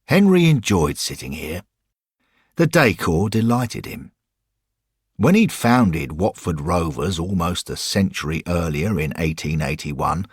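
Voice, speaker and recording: A man narrating a scripted audio story in a measured way. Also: low voice, slightly rough, dry recording, studio quality.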